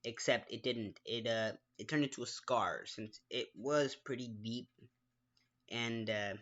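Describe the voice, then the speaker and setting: A man's voice: mid-range voice, a bit bright, lo-fi sound. A man telling a personal story in a casual, rambling way, restarting sentences, making his own mouth sound effects and often apologizing. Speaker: gaming vlogger.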